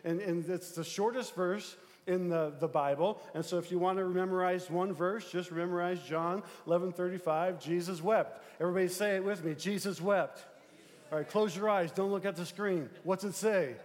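A man's voice: high voice, fairly even intonation, moderate pace. A male pastor delivering a conversational sermon, often adding fillers and checking in with the congregation. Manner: conversational preaching with frequent fillers and check-ins. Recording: long hall reverb.

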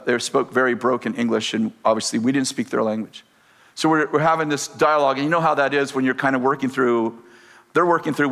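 A man preaching a sermon, telling a story with animated delivery, acting out the dialogue and laughing often. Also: mid-range voice, in a large hall.

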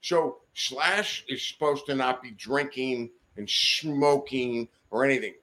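A man of ordinary pitch spins a loose, profane story as a podcast guest. He swears constantly, trails off into restarts and laughs at his own tale. He is recorded in a studio. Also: slow, sharp tone. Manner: swears often, rambling, laughs mid-story.

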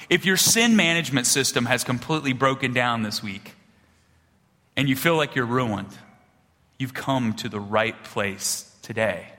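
A man preaching a sermon, telling stories with lively swings between loud punchlines and hushed, low passages. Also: a little slow, long reverb tail. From small-town rural upbringing. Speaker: pastor.

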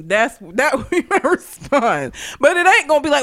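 A woman's voice: high-pitched, sing-song, normal speed, fairly bright tone. A woman from Alabama co-hosting a casual podcast, blunt and profane, laughing often as she talks. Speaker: podcast co-host. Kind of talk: casual chat.

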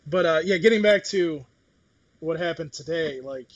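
A middle-aged man chats casually in a husky, somewhat high voice. He talks bluntly, swears freely and plays out the other people in his story. His tone stays rough and breathy throughout. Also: moderate pace, no room sound, muffled recording. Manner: blunt, swears, acts out quotes. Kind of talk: casual chat.

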